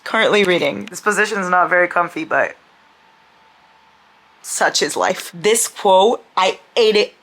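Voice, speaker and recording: A young adult woman chatting casually in a reading vlog, excitable and gushing, laughing often and swearing freely. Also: on the low side, unhurried, pauses often. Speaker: book vlogger.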